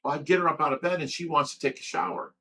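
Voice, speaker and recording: A man's voice: fairly high pitch, fairly even intonation, rapid-fire, bright, forceful tone, recorded from a distance, slight background noise. A man hosting a livestream, telling a long personal story in a rambling way, stammering and repeating himself with lots of fillers. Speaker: livestream host of a fish rescue.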